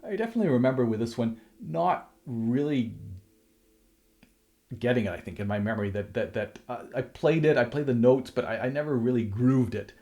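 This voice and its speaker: A man's voice: medium pitch, animated, a little fast, warm tone. A man teaching a harp lesson, explaining rhythm and counting the beats aloud as he plays, with frequent restarts.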